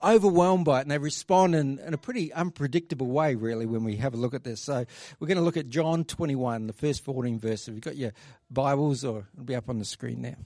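A man's voice: medium pitch, fairly quick, warm tone, dry recording. A male pastor giving a sermon in a conversational way, reading scripture aloud, praying, and acting out quoted voices along the way.

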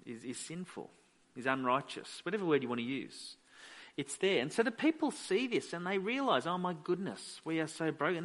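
A male pastor delivers a sermon from a church, his voice sitting a little higher than most men's. He builds points by repeating short phrases with emphasis. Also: fairly bright tone.

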